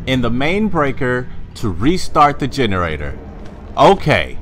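A young man playing a horror game, swearing, talking to the character he controls and yelling high when scared. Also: very animated, takes it slowly, a little hiss or hum. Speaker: gamer. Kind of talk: horror game let's play commentary.

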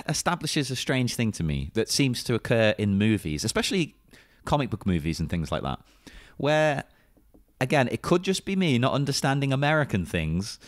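Animated English man in casual chat. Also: medium pitch, moderate pace, no echo, studio quality. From England. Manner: animated, laughs often, jokey asides. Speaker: podcast co-host.

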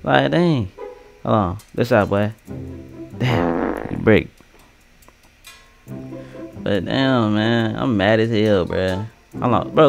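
A young man giving casual, slangy gameplay commentary, trash-talking and swinging from mumbles to yells. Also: fairly low pitch, vocal fry. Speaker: gaming streamer.

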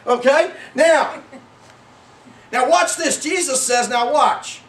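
High-voiced, excitable preaching man. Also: a little slow. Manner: animated, folksy preaching that breaks into shouts. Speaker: pastor. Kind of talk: sermon. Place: church sanctuary. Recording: echoey church from a distance.

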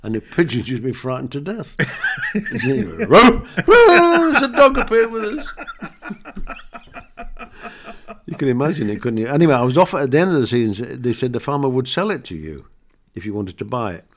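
A man's voice: mid-range voice, big pitch swings, fast. An older man, a comedian guest, chatting in an interview and telling anecdotes and jokes with frequent laughs. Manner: chatty storyteller, laughs often, acts out jokes.

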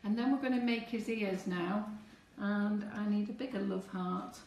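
A woman's voice: mid-range voice, normal speed, a little mellow, recorded from a distance, a little hiss or hum. Woman, cake decorating tutor, chatty, live tutorial, echoey room, away from the mic. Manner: chatty, talks viewers through each step.

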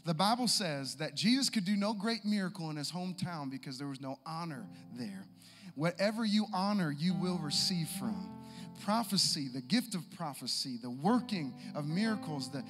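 A man preaching a sermon, moving from easy conversational talk to shouted exhortation. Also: on the high side, expressive, normal speed, slightly rough. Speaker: pastor. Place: church sanctuary. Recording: long hall reverb with music. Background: live guitar and keys.

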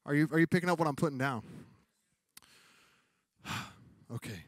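A pastor with a slightly high voice preaches at a normal speed, chatting with his congregation and acting out funny exchanges in comic quoted voices. The recording is dry and studio quality.

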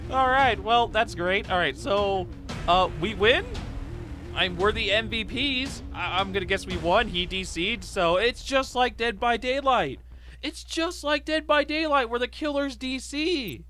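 A man giving excitable gameplay commentary, yelping, taunting and repeating phrases as he plays. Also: extremely high pitch, unhurried. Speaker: gaming YouTuber. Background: game music.

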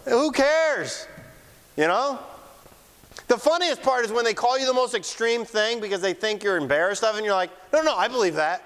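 A man preaching a fiery sermon in church, mocking opponents and shouting for emphasis. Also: very high-pitched, expressive, moderate pace, clear, resonant tone. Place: church sanctuary. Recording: long church hall reverb.

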